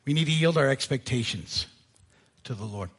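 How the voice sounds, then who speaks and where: Animated husky-voiced male pastor. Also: mid-range voice, moderate pace. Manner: conversational, animated, laughs at himself. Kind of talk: sermon. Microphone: live sermon mic. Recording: church service audio.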